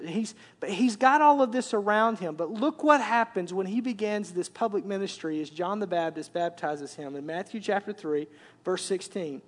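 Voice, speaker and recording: A man's voice: high-pitched, normal speed. A man, preaching a conversational sermon and repeating words as he builds up. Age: 40s. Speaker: pastor.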